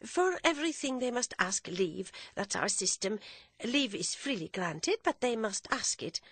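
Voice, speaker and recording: A woman voicing a gentle, modest elderly French nun who speaks slowly and carefully. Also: a little high, very animated, no echo, pitched above the performer's own voice, heavily acted. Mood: earnest.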